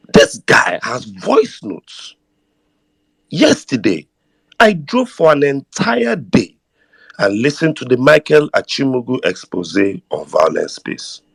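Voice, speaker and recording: A man's voice: mid-range voice, gravelly, slightly rough, dry recording. A man with a Nigerian accent co-hosting a live audio chat room, emphatic and sweeping, mixing in pidgin.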